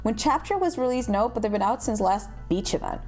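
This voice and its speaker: A young woman streamer chatting casually with her viewers, with a self-deprecating, animated manner. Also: on the high side, brisk, soft background music. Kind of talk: casual livestream chat.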